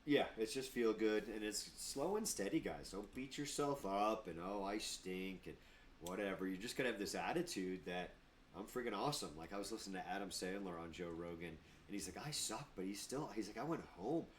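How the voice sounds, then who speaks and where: A man's voice: sits low, fairly quick, a little hiss or hum. A middle-aged man, a martial arts instructor and gym owner, chatting casually on a podcast and acting out quoted voices with emphasis.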